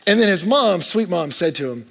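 A man from the United States delivers a sermon in a church hall, his voice high for a man and a little husky. He talks to the room like a conversation, dropping low and soft, then climbing and getting loud. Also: animated, a little fast. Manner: conversational preaching with swings from hushed to loud. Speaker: pastor.

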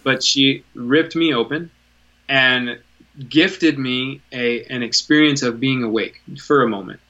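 A man's voice: medium pitch, a little slow, pushed and bright, dull audio. A man in his thirties, a podcast guest, telling his story in an earnest, candid way, swearing casually and often restarting his sentences.

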